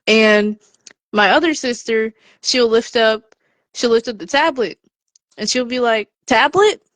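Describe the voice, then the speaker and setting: On a podcast, a woman tells a personal story and offers encouragement, a lively storyteller who acts out the voices she quotes. Her voice is a little high, her pace measured, and there's no room sound.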